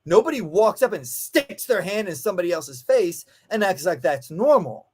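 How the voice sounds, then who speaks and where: A man's voice: high-pitched, big pitch swings, moderate pace, darkish tone, breathy edge. A man, a dog trainer and guest, telling stories in a casual, emphatic way with frequent swearing, acting out the voices he quotes. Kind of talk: animated storytelling in casual conversation.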